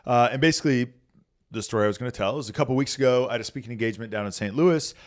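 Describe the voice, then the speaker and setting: A man's voice: medium pitch, very fast. A man, a pastor, talking casually and earnestly on a podcast, telling stories with many filler words.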